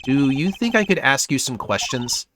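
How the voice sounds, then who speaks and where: A man's voice: medium pitch, big pitch swings, moderate pace, a bit bright, slight background noise, pitched above the performer's own voice. A man reading the lines of a young male defense attorney in a game, wry and thoughtful.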